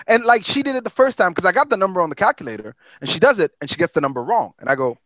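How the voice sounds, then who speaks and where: A man on a podcast telling a story in casual, profane, animated talk. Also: high voice, rapid-fire, few pauses, no room sound, dull audio. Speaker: podcast co-host.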